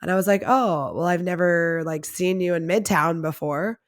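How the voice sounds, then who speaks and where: Chatty podcaster woman with a lowish voice. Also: moderate pace. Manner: chatty and confessional, heavy use of "like". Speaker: podcast host. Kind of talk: candid storytelling monologue.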